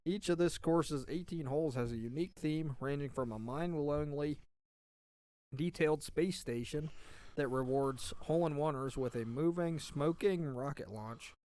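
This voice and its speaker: A man's voice: fairly high pitch, normal speed, darkish tone. Playful man reading with laughs. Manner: playful, laughs between phrases. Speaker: podcast co-host. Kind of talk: casual chat reading an article aloud.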